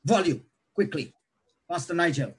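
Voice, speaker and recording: A man, himself a pastor, lecturing other pastors on how to preach, with animated teaching that shifts pace and loudness. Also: a little high, moderate pace, slightly rough, low-quality recording.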